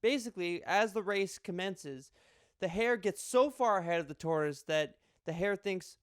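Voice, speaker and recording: Young male board game reviewer, chatty and rambling, smooth voice. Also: sits high, expressive, moderate pace, no echo, studio quality. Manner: chatty, rambling with restarts and jokes. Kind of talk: casual video review.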